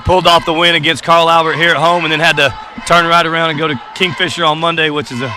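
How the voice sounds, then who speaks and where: A man's voice: on the high side, steady tone, fast talker, noisy background. A man, a basketball coach, talking casually in a courtside interview, rambling with many fillers and restarts. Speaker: boys basketball coach, guest. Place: gym during a game.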